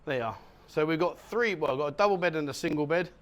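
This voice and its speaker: A middle-aged man with a fairly high voice vlogs outdoors into a handheld camera. He chats and jokes with his viewers as he walks, and he sounds a bit out of breath on the hill paths. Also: fast talker. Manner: chatty, jokey, addresses viewers directly. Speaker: travel vlogger. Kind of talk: casual walking vlog. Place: outdoors on a hillside island resort.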